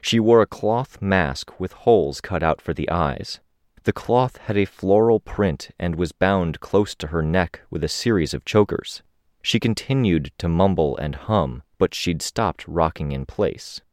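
Deep-voiced male audiobook narrator. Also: a little slow, no room sound, clean studio sound. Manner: steady, descriptive first-person reading.

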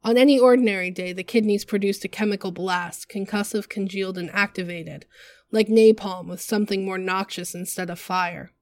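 A woman narrating a work of fiction in a measured, vivid storytelling manner. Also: mid-range voice, a little mellow, no room sound.

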